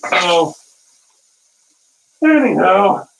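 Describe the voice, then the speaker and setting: A man's voice: sits high, very animated, very slow, vocal fry, a bit bright, a little hiss or hum. A man hosting a casual live cooking stream, rambling through stories and chuckling at his own dad jokes, from a distant mic.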